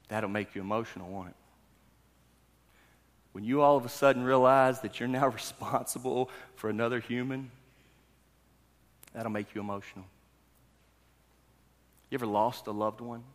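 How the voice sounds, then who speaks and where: A pastor in his thirties preaching a sermon, talking with his congregation and asking them questions before he builds to loud, emphatic preaching. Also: mid-range voice, fairly even intonation, normal speed, long pauses. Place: church hall. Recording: long hall reverb.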